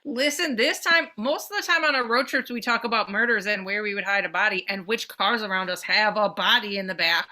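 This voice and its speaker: Bright-voiced woman, animated chatter. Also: fairly quick, hardly any pauses. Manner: animated, swearing, jumps between pitch levels. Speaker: podcast co-host. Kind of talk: casual chat.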